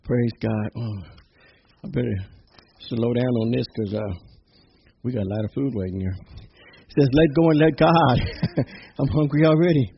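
A man's voice: medium pitch, unhurried, gravelly, pauses often, highs cut off, a little hiss or hum. A man preaching an informal, exuberant sermon, peppering his talk with amens and little laughs.

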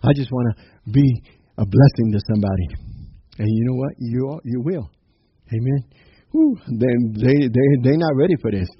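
A preacher gives an informal, upbeat devotional sermon, quoting scripture, laughing, and punctuating lines with "amen." His mid-range voice is animated and moves at normal speed, captured on a slightly dull lo-fi recording with faint noise.

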